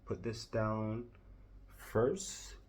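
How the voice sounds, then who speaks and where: A man with a Southern US accent narrating a makeup tutorial, gushing with drawn-out exclamations. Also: fairly low pitch, darkish tone. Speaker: makeup vlogger.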